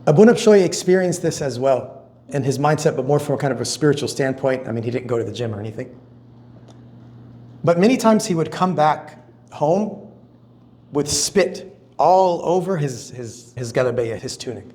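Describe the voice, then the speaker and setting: A man giving a spoken talk to a men's conference, telling stories with lively energy. He acts out quotes and reactions, swinging his pitch and loudness up and down, on a somewhat high voice. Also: moderate pace. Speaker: conference speaker. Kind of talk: storytelling sermon talk.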